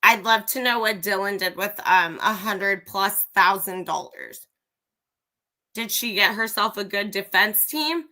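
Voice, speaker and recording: A woman hosting a livestream launches into a blunt, profane opinion rant aimed straight at her viewers. Her mid-range voice is bright and forceful.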